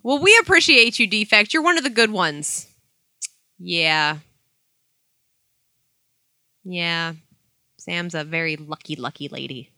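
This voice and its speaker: A young adult woman in casual chat, cursing freely and telling animated stories. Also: fairly low pitch, slow, long pauses, no room sound. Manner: profane, animated storytelling.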